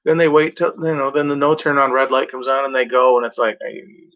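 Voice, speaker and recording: A man's voice: medium pitch, flat delivery, fast talker, fairly bright tone. A man rambling through a casual vlog monologue, swearing freely and joking to himself. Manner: rambling, profane, jokey. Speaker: vlogger. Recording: muffled lo-fi recording.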